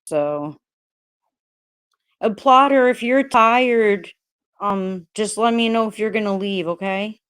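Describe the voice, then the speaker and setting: A woman's voice: mid-range voice, slow pace, long pauses, fairly bright tone, clear, resonant tone. A woman hosting a casual livestream, greeting viewers by name while rambling, hesitant and upset, with many restarts and swearing. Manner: frustrated and upset. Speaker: livestream host.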